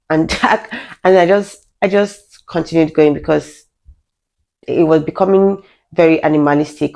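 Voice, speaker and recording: A young woman with a lowish, gravelly voice tells a personal story straight to the camera. She talks earnestly and frankly, with halting restarts as she goes. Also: a little mellow. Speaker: vlogger.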